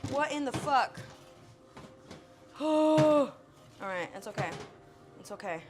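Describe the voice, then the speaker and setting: A woman live streaming while she cooks, chatting casually to her viewers, flustered, swearing and talking herself back into calm. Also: high voice, takes it slowly, over music.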